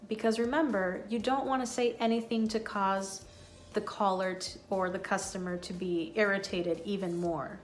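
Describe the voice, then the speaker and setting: A woman teaching an English lesson at a middle pitch. She models each phrase slowly and clearly. Soft music plays faintly behind her. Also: steady tone. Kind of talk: scripted lesson.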